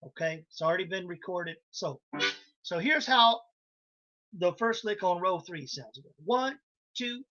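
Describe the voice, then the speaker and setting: A man's voice: high voice, lively intonation, measured pace, sharp tone. Male harmonica teacher on a lo-fi call. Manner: casual, explains step by step and counts in the band. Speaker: harmonica instructor. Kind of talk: live online music lesson. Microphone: video call.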